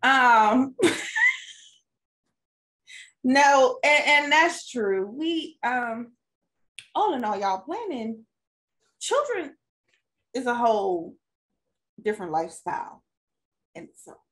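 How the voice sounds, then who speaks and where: Her voice on the high side, a podcast co-host speaks slowly with long pauses as she relates a casual family story. A mother and stepmother, she laughs often and tells it in a relaxed manner.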